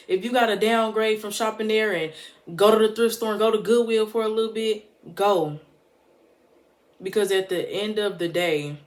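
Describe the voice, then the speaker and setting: A motivational vlogger speaking straight to the camera in a heartfelt, preachy way, often repeating points for emphasis. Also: medium pitch. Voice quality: emphatic, preachy, casual street-smart phrasing.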